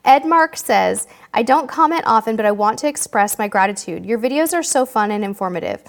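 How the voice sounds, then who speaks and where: A woman's voice: fairly high pitch, lively intonation, fairly quick, vocal fry. A woman hosting a live-stream Q&A, reading viewer questions aloud in a bubbly, chatty way. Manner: bubbly, chatty, emotional, self-deprecating. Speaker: host.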